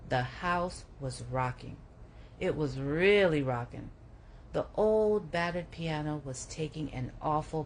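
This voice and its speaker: Brief: woman, low pitch, steady memoir reading for a book club. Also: slight background noise, rough recording.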